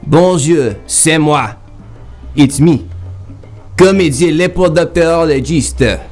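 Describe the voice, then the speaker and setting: A man doing a self-important butterfly hunter with a thick mock-French accent and a fairly high, light voice. He talks in grand, clumsy stage-French phrases, with faint music under him on a live comedy stream. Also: a little mellow. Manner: overblown, haughty, halting stage-French phrasing. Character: pompous male French butterfly collector. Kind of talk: improv comedy character.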